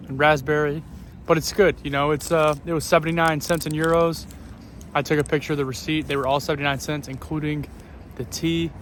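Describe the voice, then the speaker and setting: A man's voice: a little high, fairly bright tone. A man vlogging casually to camera as he walks city streets, chatty and hesitant, with lots of ums and self-corrections. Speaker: travel vlogger. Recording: faint outdoor street noise. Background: faint street and traffic noise.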